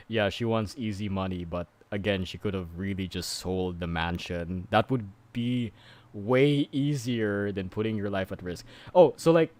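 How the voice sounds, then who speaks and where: A man's voice: lowish voice, a little slow, a little mellow. Rambling, exasperated streamer man. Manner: rambling, filler-heavy, exasperated. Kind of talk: casual movie recap.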